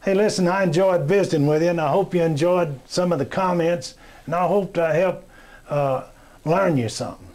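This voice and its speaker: A man's voice: fairly high pitch, darkish tone. Folksy man, rambling jokes. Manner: folksy, meandering, plain-spoken with many pauses. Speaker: comedian. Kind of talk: rambling joke telling to camera. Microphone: webcam or camera in front.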